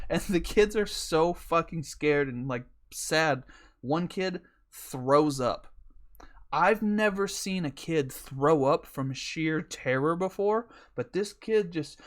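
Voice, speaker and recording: A man's voice: fairly high pitch, a little slow. Profane storytelling podcast guy. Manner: profane, rambling, joking. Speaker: podcast host. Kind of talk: casual storytelling.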